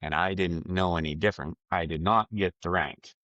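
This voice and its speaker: A man, an arm wrestler being interviewed, telling a story in a casual, animated way and acting out the voices he quotes. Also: deep voice, moderate pace, no room sound, lo-fi sound.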